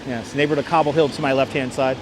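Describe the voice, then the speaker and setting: Walking through city streets on a casual outdoor livestream, this man speaks quickly in a medium pitch with a steady tone, and background noise can be heard. He's the host, using a wireless clip-on mic, and he restarts phrases and thanks his viewers as he goes.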